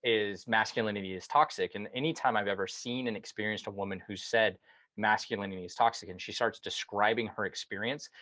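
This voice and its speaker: A male podcast host with a lowish voice, recorded close and dry. He lays out his views emphatically, leaning on fillers like "right" and "you know.". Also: fairly even intonation, a little fast, bright, forceful tone, dry recording. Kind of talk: casual podcast conversation.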